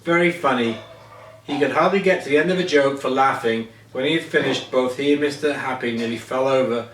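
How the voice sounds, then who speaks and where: A man's voice: medium pitch, quick pace, a little hiss or hum. Man reading a children's story aloud, stumbling and correcting himself, heard from a distance in an echoey room. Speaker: reader. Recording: echoey room, voice away from mic.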